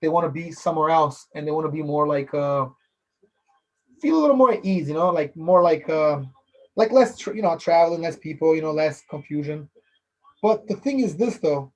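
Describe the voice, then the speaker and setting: A man's voice: fairly high pitch, moderate pace, a little mellow. A man hosting a casual solo podcast, rambling loosely, repeating phrases and filling with "you know". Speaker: podcast host. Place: based in Philadelphia.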